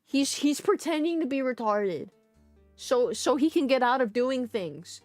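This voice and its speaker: Brief: playful woman streamer, lively and gravelly, dry close mic. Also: sits high, measured pace, no room sound, soft background music. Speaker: vtuber streamer. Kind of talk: casual let's-play commentary.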